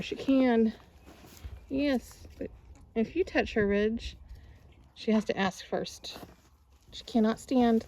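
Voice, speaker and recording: A woman vlogging casually outdoors in her backyard, cooing at her pets and turkeys in high baby talk. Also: gravelly, warm tone, a little hiss or hum. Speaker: backyard poultry keeper vlogger. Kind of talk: casual vlog chat.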